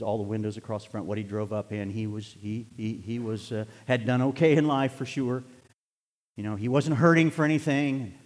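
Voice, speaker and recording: Older male preacher; heartfelt sermon delivery with big swings in intensity, echoing church hall. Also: on the low side. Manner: impassioned preaching, rising to near-shouts then dropping to quiet storytelling. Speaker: pastor. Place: church sanctuary. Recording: long hall reverb.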